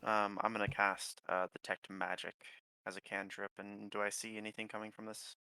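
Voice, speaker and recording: A man's voice: fairly low pitch, flat delivery, moderate pace, gravelly, sharp tone, clear, resonant tone, dry recording. A man playing a tabletop game, hesitant, asking twice about details. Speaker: player. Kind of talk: casual play at a tabletop game.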